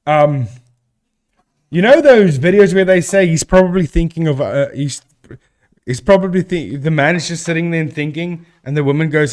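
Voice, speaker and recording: Chatty animated man streaming live. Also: on the high side, moderate pace. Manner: chatty, talks to chat and thinks aloud. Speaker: live-stream host debunking ghost videos. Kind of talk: casual live-stream commentary.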